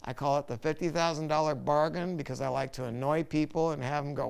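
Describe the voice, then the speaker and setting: Gravelly, rambling hi-fi dealer man. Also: on the high side, steady tone, quick pace. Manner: rambling, enthusiastic, self-interrupting. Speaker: hi-fi dealer host. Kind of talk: casual product talk to camera.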